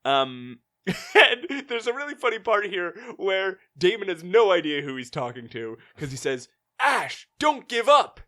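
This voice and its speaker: Animated bright-voiced podcast host. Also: male voice, sits high, moderate pace. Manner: animated, swears, mocks the plot with put-on character voices. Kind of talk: casual chat recapping a movie.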